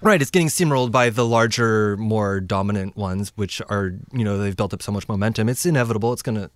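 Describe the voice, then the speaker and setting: A man's voice: fairly low pitch, fast talker, dry recording, clean studio sound. A man from the United States casually recounting his travels, rambling with many fillers and acting out dialogue. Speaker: traveler sharing stories. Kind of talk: casual chat.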